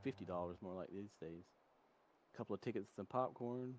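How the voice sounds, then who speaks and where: A low-pitched man from North Carolina chats on a stream. He drifts from story to story, correcting himself as he goes, with faint clicking behind his voice. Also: fairly quick, darkish tone, a little hiss or hum. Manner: rambling, tangent-prone storytelling. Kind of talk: casual chat.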